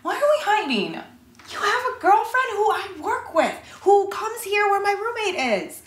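An actress playing a secretive woman who talks in a hushed, wary way. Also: very high voice, very animated, measured pace, soft background music, full character voice. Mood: annoyed. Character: secretive woman sneaking around with a lover. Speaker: actor in a web series. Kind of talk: scripted drama dialogue. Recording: distant, echoey, noisy recording.

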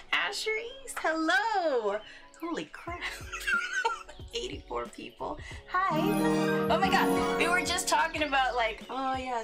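A woman streamer chatting casually with viewers while she paints, often giggling between remarks. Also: high voice. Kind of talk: casual livestream chat.

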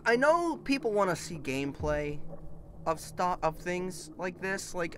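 A man's voice: sits high, very animated, measured pace, pushed and bright. A man giving commentary while playing a horror game, panicky, often screaming and laughing nervously. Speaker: let's play gamer.

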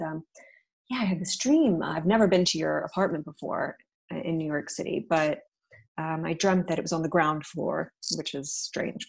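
Low husky-voiced woman recounting a dream. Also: darkish tone. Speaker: storyteller. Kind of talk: casual spoken anecdote.

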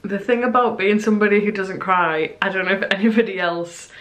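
A young woman talks through her crafting work in a casual vlog. Her voice sits at a middling pitch, chatty and self-conscious, turning soft and tearful now and then. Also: steady tone, brisk. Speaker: small business artist, vlogger.

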